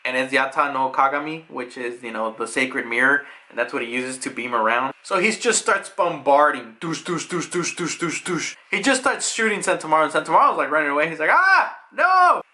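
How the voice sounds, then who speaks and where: A young man casually recapping a manga chapter in a loose, rambling way, with lots of fillers, breaking into excited paraphrased lines. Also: medium pitch, a little fast, hardly any pauses. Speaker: manga reviewer.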